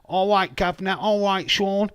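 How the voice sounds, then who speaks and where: A man's voice: sits high, steady tone, moderate pace, a bit bright, clear, resonant tone, no echo, studio quality, voice pushed up. A man voicing an over-the-top Cockney geezer caricature with a mock Cockney accent, brash and sing-song. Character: loud exaggerated Cockney geezer caricature, cheeky.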